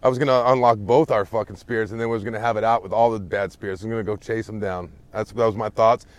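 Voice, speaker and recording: A man casually telling a story to friends in an animated, profane, emphatic way. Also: lowish voice, quick pace, no room sound. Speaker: storyteller in a group chat.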